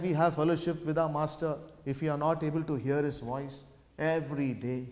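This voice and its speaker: A man's voice: fairly high pitch, flat delivery, moderate pace, darkish tone. A man preaching a sermon in a gospel hall, with emphatic, repetitive phrasing that builds and falls back. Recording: long reverb of a gospel hall.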